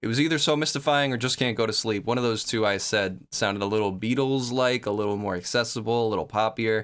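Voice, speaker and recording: A man's voice: fairly low pitch, fast, clean tone. A man hosting a reaction video, chatting casually and laughing often as he comments. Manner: laughs often, jokey and relaxed.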